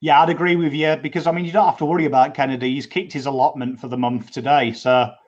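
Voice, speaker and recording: A man's voice: medium pitch, steady tone, quick pace. Joking man on a muffled line. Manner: laid-back, joking banter. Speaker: co-host. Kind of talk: casual footy chat.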